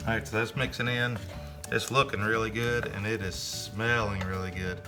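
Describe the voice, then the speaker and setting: A man narrating his home cooking in a relaxed, chatty way, with many fillers. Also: on the low side, moderate pace, music in the background. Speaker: home cook.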